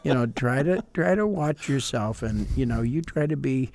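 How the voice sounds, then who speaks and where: A man's voice: medium pitch, normal speed, gravelly. An older man, a pastor co-hosting a podcast, explaining in casual chat and acting out quotes. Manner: explains with acted-out quotes, animated.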